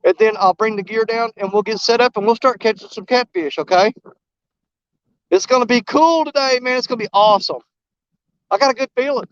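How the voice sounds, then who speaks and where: This fishing vlogger speaks directly to his viewers in a casual outdoor video by a river bank, full of excitement and emotion. His high voice is smooth and a little fast. A camera mic muffled against the wind picks him up.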